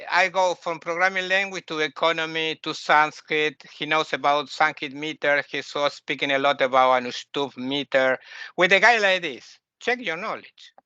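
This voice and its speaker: Argentinian man teaching, bright and animated. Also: on the high side, clean tone, no room sound, muffled recording. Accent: Argentinian Spanish. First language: Spanish. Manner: animated, repeats words, mocks the ego in asides. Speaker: spiritual teacher. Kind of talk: informal spiritual lesson.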